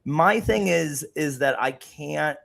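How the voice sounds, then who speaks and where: A man's voice: fairly high pitch, expressive, gravelly, fairly bright tone. A man co-hosting a podcast in casual chat, joking and laughing often, sick with a cough. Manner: jokey, quick to laugh, repeats himself. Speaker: podcast co-host.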